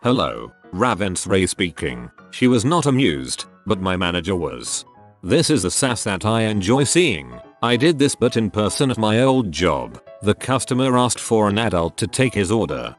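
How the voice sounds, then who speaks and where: A man reading forum stories aloud as scripted narration, in a flat steady read-aloud way. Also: lowish voice. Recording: faint background music.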